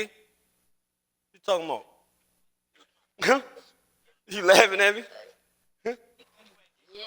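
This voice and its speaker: A man's voice: high-pitched, slow, long pauses, pushed and bright. A man chatting casually while gaming on a live stream, rambling and teasing with lots of profanity. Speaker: streamer and father.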